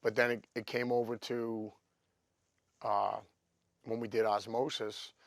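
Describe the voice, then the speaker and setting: A guest guitarist telling stories in a loose, animated ramble full of fillers. His voice sits in an ordinary male range. It is recorded close and dry, with no room sound. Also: medium pitch, a little slow, creaky, no room sound. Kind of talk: casual storytelling chat.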